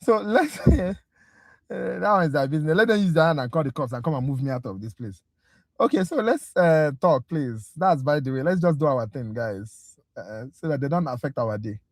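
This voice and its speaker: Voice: medium pitch, expressive, moderate pace, dry recording. A tutor talking to viewers in a casual livestream review class, ranting with exasperation before moving to the teaching. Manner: exasperated, talkative rant; direct, addresses viewers as guys.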